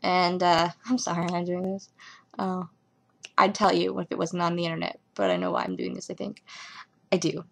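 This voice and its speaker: A young woman casually reviewing a TV episode at home, rambling and giggling through animated asides. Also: lowish voice, moderate pace, creaky.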